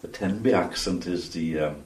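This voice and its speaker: A man in his seventies with a Welsh accent, recalling his past in an interview, measured and pausing with frequent ums. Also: sits low, a little mellow. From Wales. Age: 70s. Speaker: interview guest. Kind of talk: reminiscing interview answers. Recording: roomy sound from a distance.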